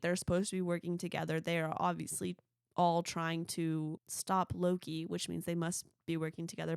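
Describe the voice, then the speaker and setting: A woman's voice: on the low side, vocal fry, clean tone, no room sound, clean studio sound. A young woman hosting her own movie podcast, rambling casually and peppering her talk with "like.". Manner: chatty, rambling, frequent "like". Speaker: podcast host.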